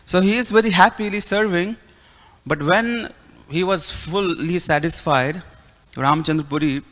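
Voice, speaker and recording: A male preacher tells a devotional story with animation, voicing each character as he goes. His voice is bright and somewhat high. It carries a long reverb in a temple hall. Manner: animated, acts out dialogue. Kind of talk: storytelling sermon.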